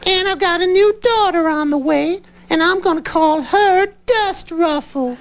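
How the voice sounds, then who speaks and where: Fields: a wispy high prissy pop-star impression, very slow. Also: male voice. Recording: noisy studio with audience laughter.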